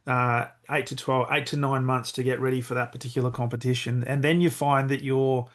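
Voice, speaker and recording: Male host, middle-aged, reflective interviewer, mid-pitched voice. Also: little pitch movement, fairly quick. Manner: reflective, thinks aloud with restarts. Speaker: podcast host. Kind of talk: podcast interview.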